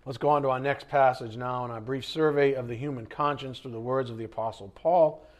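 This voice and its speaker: A man's voice: mid-range voice, fairly even intonation, a little fast. A man teaching the Bible in a conversational way, blunt and fond of rhetorical questions.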